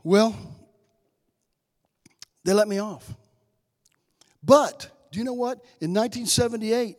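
High-voiced older man preaching in a reverberant hall. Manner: storytelling that builds to loud, slow preaching. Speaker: guest speaker. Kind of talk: testimony sermon. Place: church. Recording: long reverb in a church hall.

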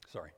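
A male pastor preaching a sermon during a church service. He talks conversationally, breaks into sudden loud bursts, and adds apologetic asides. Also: long reverb tail, slight background noise.

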